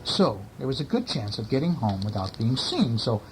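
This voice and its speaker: A man's voice: mid-range voice, very animated, moderate pace, a little hiss or hum, poor audio. A man reading a bedtime story to a child, with casual, chatty asides to the listener.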